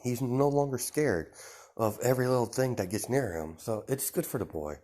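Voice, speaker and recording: A man's voice: mid-range voice, normal speed, dark tone, voice pushed up, close to an everyday voice. A man voicing a cheerful, chatty adult woman who is a family friend in a fan-made story. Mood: amused.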